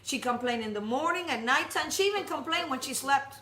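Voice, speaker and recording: Female preacher with a high voice, animated and humorous storyteller, echoey worship hall. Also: fairly quick, slight background noise. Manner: animated, jokey storyteller with many restarts. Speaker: speaker at a congregation. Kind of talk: storytelling sermon.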